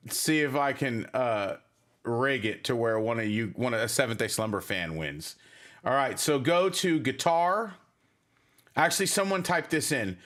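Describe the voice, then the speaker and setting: A man with a medium-pitched, fairly bright voice hosts a laid-back livestream for his band. He rambles and chats as he reads out viewer comments, using plenty of filler words.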